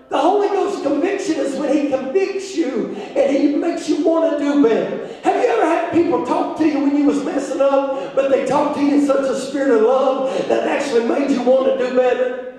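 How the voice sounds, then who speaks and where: A man preaching a fervent sermon as pastor, rising at times to shouts. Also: very high voice, moderate pace. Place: church sanctuary. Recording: echoey church hall from far off.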